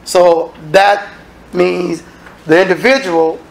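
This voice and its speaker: A man preaching a sermon as minister, acting out dialogue and sometimes shouting. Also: high-pitched, fairly even intonation, slow pace, vocal fry.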